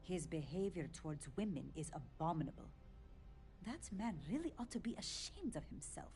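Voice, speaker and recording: A woman's voice: fairly low pitch, big pitch swings, moderate pace, dark tone, faint music behind. An actress playing a prim, disapproving society lady at a gala in a video game.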